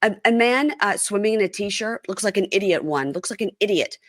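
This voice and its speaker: A woman's voice: mid-range voice, expressive, fairly quick, no echo, studio quality, natural voice. A woman voicing a stubborn, dismissive young husband while recapping a reality show, in a loose quoting voice. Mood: insistent. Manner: quoted in a casual recap.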